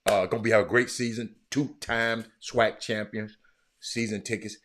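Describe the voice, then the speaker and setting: Casual live-stream host, man, deep voice, rambling, repeats lines. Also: steady tone, measured pace, fairly bright tone. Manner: rambling, repeats himself, reads chat aloud.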